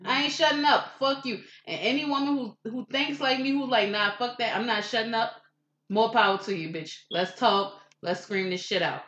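A woman's voice: a little high, moderate pace, few pauses, a bit bright. Profane, fiery woman ranting. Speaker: podcast co-host. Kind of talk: heated rant on a podcast. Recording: roomy, dull lo-fi room sound.

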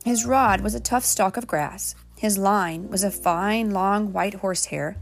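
A woman reading a children's storybook aloud, gently, turning now and then to talk to the children. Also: mid-range voice, unhurried, soft background music. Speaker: storybook reader.

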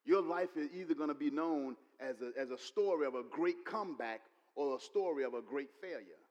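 A man preaching a sermon, repeating his points and building to loud exclamations. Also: a little high, animated, brisk, lo-fi sound. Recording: long hall reverb.

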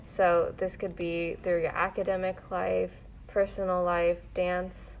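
A woman interviewing a guest, warm and encouraging, asking questions in a casual way. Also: fairly low pitch, flat delivery, unhurried, slight background noise, rough recording.

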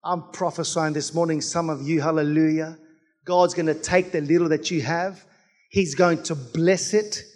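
Fervent high-voiced man preaching. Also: fairly even intonation, normal speed, a little mellow. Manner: fervent, rhythmic preaching with repeated calls to the church. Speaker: pastor. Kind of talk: sermon.

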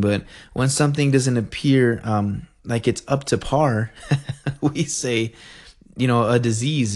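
A young man tells a story in a loose, animated rant. He rambles, loses his thread, swears freely and breaks into laughs. His pitch sits in the middle of the usual male range. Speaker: vlogger.

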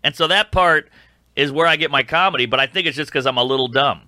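A man with a very bright, slightly high voice chats as a guest comedian on a podcast. He talks in an animated, jokey way, slipping into quoted voices. The sound is dry and close. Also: quick pace, dry recording. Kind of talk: casual podcast chat.

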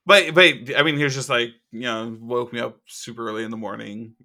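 Bright, animated storytelling man. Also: medium pitch, brisk, gravelly. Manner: animated storyteller who swears freely. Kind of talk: casual chat.

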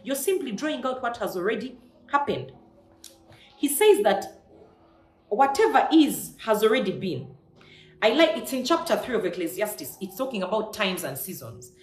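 A woman's voice: a little high, very animated, normal speed. A woman preacher giving a devotional sermon, emphatic and repeating her key lines for effect. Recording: echoey room.

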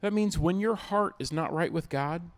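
A man's voice: on the high side, moderate pace. A man preaching a sermon as pastor, emphatic, repeating key lines and acting out little everyday scenes.

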